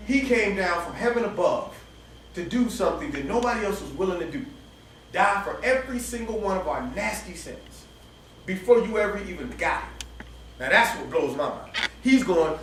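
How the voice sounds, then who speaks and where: A man preaching a sermon at a campus ministry gathering, telling a story in a lively, laughing, colloquial way. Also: high-pitched, moderate pace, slight background noise. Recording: echoey room heard from far off.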